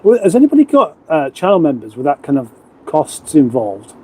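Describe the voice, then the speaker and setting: Broadcasting live from a lockup garage in front of a fridge, a middle-aged English host chats and reads out viewer comments, drifting into rambling, self-deprecating asides. He speaks fairly quickly in a mellow, slightly rough, somewhat high voice with huge swings in pitch.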